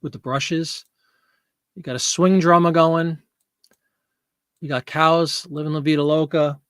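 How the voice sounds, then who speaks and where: A man's voice: fairly high pitch, fairly even intonation, measured pace, fairly bright tone, clear, resonant tone, no echo, clean studio sound. A man hosting a casual live selling stream, chatting and laughing as he answers viewer comments. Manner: chatty, rambling, laughs often, reads viewer comments aloud. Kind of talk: casual livestream chat with viewers.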